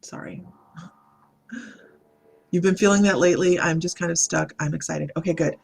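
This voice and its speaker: Gravelly-voiced woman giving a psychic reading. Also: on the low side. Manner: halting, meandering, reads out viewer comments and greets viewers by name. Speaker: psychic medium. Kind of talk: live-streamed psychic reading.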